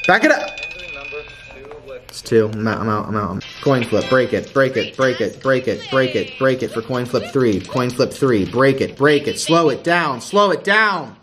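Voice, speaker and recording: A man streaming a live casino game, pleading and chanting at the wheel and breaking into loud shouts. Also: mid-range voice, lively intonation, a little slow, soft background music. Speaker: gambling streamer. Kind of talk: excited live casino commentary.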